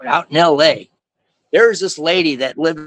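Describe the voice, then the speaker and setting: A man's voice: a little high, normal speed, a bit bright. A man telling his faith testimony as a guest, in a rambling, slangy way, often saying "man" and "like". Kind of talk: casual storytelling.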